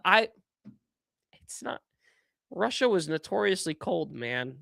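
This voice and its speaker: A young man hosting a podcast, giving casual political commentary in an animated, incredulous way that keeps trailing off and restarting. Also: sits high, measured pace, vocal fry, no echo, studio quality. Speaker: podcast host.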